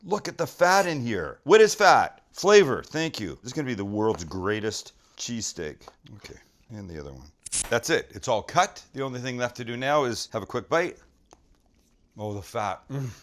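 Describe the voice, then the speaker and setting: Lively-voiced man hosting a cooking vlog. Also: mid-range voice, moderate pace. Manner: joking, chatty, talks while cutting. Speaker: cooking show host. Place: hotel room.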